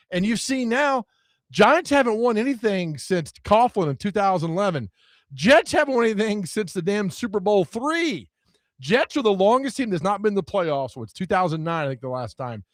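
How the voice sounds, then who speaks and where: Animated high-voiced male radio co-host. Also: moderate pace, dry recording, studio quality. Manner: animated, jokey, breaks into mock voices. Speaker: radio sports talk co-host. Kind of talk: casual sports radio banter. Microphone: studio microphone.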